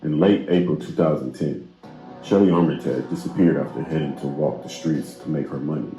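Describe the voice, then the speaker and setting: Very deep, gravelly true crime narrator, male. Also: fairly quick. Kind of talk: scripted narration. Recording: roomy narration with faint music.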